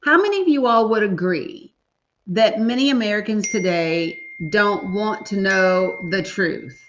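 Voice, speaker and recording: A woman's voice: mid-range voice, expressive, measured pace, fairly bright tone, a little hiss or hum. A woman hosting a casual livestream, talking emphatically and directly to her viewers. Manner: emphatic, talks straight to viewers. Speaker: livestream host. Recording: dull lo-fi stream audio.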